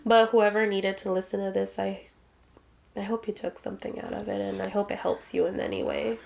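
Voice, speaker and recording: A woman's voice: mid-range voice, level tone, brisk, vocal fry, noisy background. A woman co-hosting a casual podcast, teary after crying, candid and laughing, swearing casually and slipping in Spanish words. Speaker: podcast co-host. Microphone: handheld mic.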